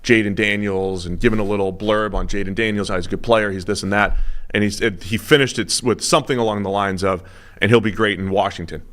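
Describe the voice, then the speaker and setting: A man co-hosting a casual sports podcast, chatty and lively, quick to laugh. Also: fairly low pitch. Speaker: analyst co-host.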